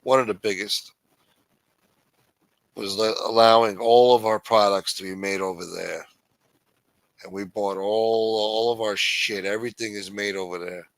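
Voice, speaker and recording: A man's voice: fairly low pitch, steady tone, measured pace, pauses often, dry recording, rough recording. A man hosting a livestream, ranting in an angry, profane, blunt manner. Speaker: host. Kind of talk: livestream political rant.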